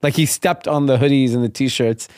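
A man's voice: mid-range voice, normal speed, clear, resonant tone, no echo, studio quality. A man in his thirties from the Los Angeles area, telling his business story in a casual interview and acting out the other people in it. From Los Angeles area, Granada Hills. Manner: animated storyteller, acts out quoted voices. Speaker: guest, clothing brand founder.

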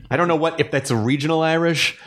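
A man hosting a podcast, chatting in an animated, rambling way. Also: on the high side, a little fast. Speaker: podcast host. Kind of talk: casual conversation.

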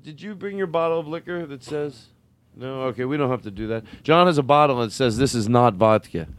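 A man hosting a casual comedy chat, halting and stammering with frequent laughter. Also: on the high side, fairly bright tone, clear, resonant tone. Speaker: host.

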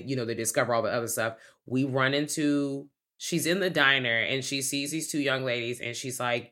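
Animated woman retelling a horror film. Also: very deep voice. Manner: animated storytelling, acts out the characters' lines. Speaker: podcast co-host. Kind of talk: casual chat.

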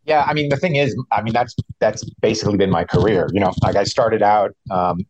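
A middle-aged man, a veteran reporter, explaining events in a measured way with frequent restarts. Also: on the low side, a little mellow, slight background noise, low-quality recording. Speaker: veteran White House reporter. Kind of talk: conversational interview answers.

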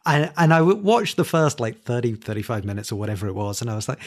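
A man's voice: mid-range voice, sing-song, quick pace. A man co-hosting a podcast in casual chat, rambling and hesitant with many fillers.

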